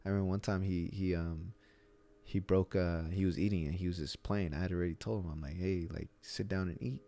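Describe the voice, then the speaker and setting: On a casual podcast, a middle-aged man who runs a gym speaks a little fast in a low, dark, steady voice. He rambles through stories and keeps starting over mid-thought.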